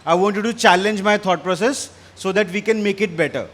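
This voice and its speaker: Indian English man, bright high voice, a bit hoarse, punchy stage speaker who keeps quizzing the room. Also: brisk. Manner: energetic, quizzes and challenges the audience. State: slightly hoarse. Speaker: business speaker. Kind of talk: interactive business talk. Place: stage in front of a live audience.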